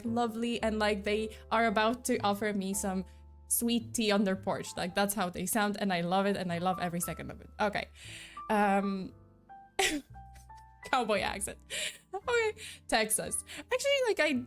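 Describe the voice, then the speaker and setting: A woman's voice: medium pitch, normal speed, soft background music. A woman from Poland chatting casually on a stream, rambling and restarting her sentences with a lot of "like". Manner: rambling, restarts a lot, lots of "like", laughs between words. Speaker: vtuber streamer.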